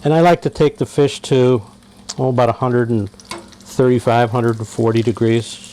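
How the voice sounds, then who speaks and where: Relaxed man cooking fish. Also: medium pitch, moderate pace, slight background noise, rough recording. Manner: relaxed, talks through each step. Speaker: fishing captain cooking fish. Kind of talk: casual cooking demonstration.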